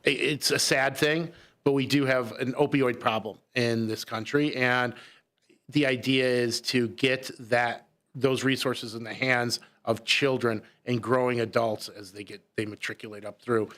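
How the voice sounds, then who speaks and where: An earnest male guest on a radio talk show, explaining at length with frequent restarts. His voice sits at a typical pitch for a man. The conversation is recorded in a radio studio. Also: steady tone, a little slow, fairly bright tone.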